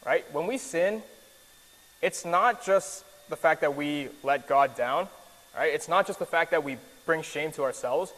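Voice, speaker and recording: A man with a fairly high voice gives a conversational sermon from slides, earnest and casual, dotted with fillers and restarts. His voice rings out with a long reverb, as if spoken in a large hall. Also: measured pace, a bit bright. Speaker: preacher teaching a Bible lesson.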